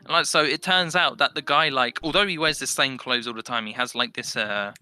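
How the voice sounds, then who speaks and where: Bright-voiced young man rambling through stories. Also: medium pitch, brisk, clean tone, dry recording. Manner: rambling animated storytelling, swearing freely. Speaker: podcast guest. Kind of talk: casual chat. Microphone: headset.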